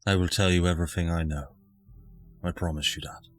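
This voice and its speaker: A man's voice: deep voice, fairly even intonation, no room sound, soft background music, lightly acted. A man voicing a grave, weary woman leader. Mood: solemn. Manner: grave, measured pleading.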